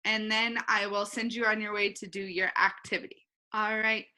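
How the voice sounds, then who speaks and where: A woman teacher giving a recorded online phonics lesson, talking slowly and clearly and saying each word twice. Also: on the high side, bright, forceful tone.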